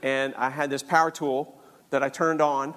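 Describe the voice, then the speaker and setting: A man's voice: medium pitch, normal speed. An older man telling a personal faith story in an earnest, storytelling way. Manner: earnest, animated storytelling with acted-out voices. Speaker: speaker sharing a faith story. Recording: long hall reverb.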